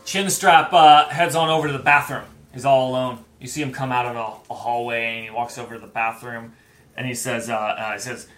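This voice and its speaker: Man animated game master, bright voice. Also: medium pitch, fairly quick. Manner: rambling, animated storytelling with many fillers. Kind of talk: narrating a tabletop game.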